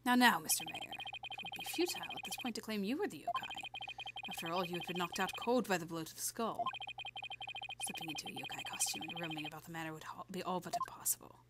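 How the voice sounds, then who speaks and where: A woman voicing a smug, scheming male prosecutor who taunts in a silky, hushed way. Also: on the low side, expressive, fast, heavy background noise, natural voice. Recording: loud game music underneath. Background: game music.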